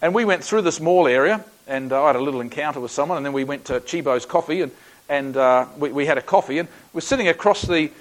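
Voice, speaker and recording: An Australian man with a slightly high voice talks fast while preaching a sermon, and the recording is rough. He tells a personal story in a folksy, conversational way, frequently restarting his sentences.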